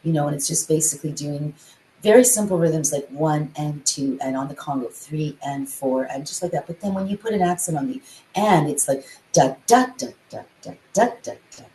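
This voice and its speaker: A woman musician chatting in an interview, often singing rhythms out loud. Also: sits low, a little fast, roomy sound, slight background noise, poor audio. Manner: chatty, sings rhythms aloud. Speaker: guest, musician and composer. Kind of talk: casual interview chat.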